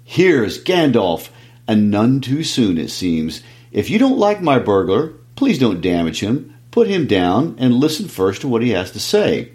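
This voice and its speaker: A man voicing a calm, wry old male wizard while reading a book aloud. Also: medium pitch, unhurried.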